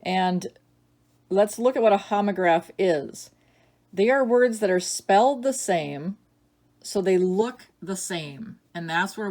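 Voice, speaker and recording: A woman teacher giving a recorded spelling lesson, reading each word slowly and clearly, patient and explanatory. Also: fairly low pitch.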